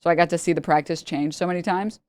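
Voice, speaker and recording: Woman streamer, casual rambling story, lower voice, dry close sound, laughs a lot. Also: fast talker, dry recording. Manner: rambling, animated, laughs often, acts out quotes.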